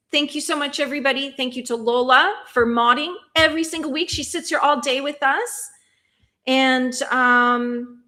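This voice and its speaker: A woman's voice: sits high, sharp tone. A middle-aged woman hosting a livestream, chatting casually and reading viewers' messages aloud at a desk mic. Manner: chatty, rambling, reads chat aloud. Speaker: livestream host. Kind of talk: casual chat closing a stream.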